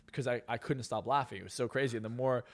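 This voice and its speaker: Fast-talking boastful male coach. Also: mid-range voice. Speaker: hypnotist and success coach, guest. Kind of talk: casual podcast interview.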